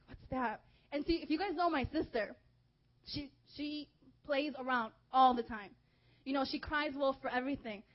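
A young woman preaching a sermon, telling a personal story in a lively, chatty way with lots of "like"s. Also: high-pitched. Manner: lively, chatty, many filler "like"s. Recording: dull lo-fi recording.

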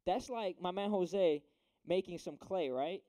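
A man's voice: high-pitched, measured pace, mellow. A young man giving a casual youth sermon, slangy and chatty, often checking in with "right?". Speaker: youth preacher.

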